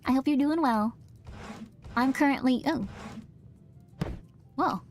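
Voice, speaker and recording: A woman's voice: sits high, slow, soft background music. A woman streaming a game in casual chat, rambling and self-mocking, reading chat as she plays. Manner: rambling, self-mocking, jumps into quoted voices.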